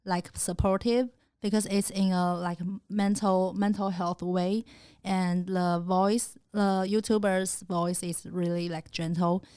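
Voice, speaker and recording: A woman speaks haltingly, pausing to search for words. Her voice is lowish and smooth. It is recorded close and dry in a studio. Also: steady tone, warm tone, no room sound. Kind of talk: casual podcast chat.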